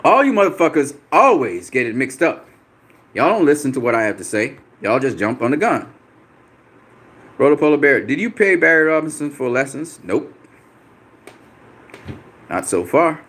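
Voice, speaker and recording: Combative male stream host, fairly high and very lively delivery, profane, repetitive. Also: normal speed, long pauses. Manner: combative, profane, repeats himself for emphasis. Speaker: boxing channel host. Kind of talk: live-stream chat replying to viewer comments.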